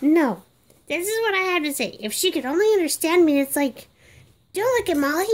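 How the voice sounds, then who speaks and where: A woman's voice: very high-pitched, lively intonation, fairly quick. A woman voicing a sassy baby girl doll who is fed up, grumbling in an exasperated comedic rant to viewers. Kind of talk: comedic monologue in character.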